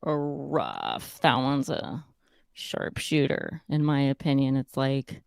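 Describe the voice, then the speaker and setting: A woman speaking as a talk show guest, animated and expressive, acting out quotes. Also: a bass voice, takes it slowly, gravelly, dry recording, studio quality. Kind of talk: casual radio talk show.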